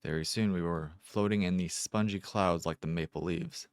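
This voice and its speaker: Very deep-voiced male story narrator. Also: moderate pace, clean tone, no echo. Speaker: amateur narrator. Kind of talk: first-person short story narration.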